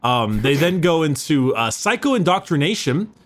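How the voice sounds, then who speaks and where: A man's voice: on the high side, very animated, moderate pace, fairly bright tone. A man hosting a casual podcast, rambling and full of fillers as he explains. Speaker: podcast host.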